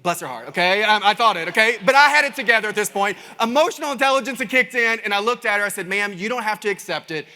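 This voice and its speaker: A man with a Kentucky Southern accent giving an animated keynote talk, telling stories to a crowd and calling them y'all. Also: high-pitched, fast talker, few pauses. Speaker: keynote speaker. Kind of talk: energetic keynote storytelling. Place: large conference stage. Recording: reverberant conference hall.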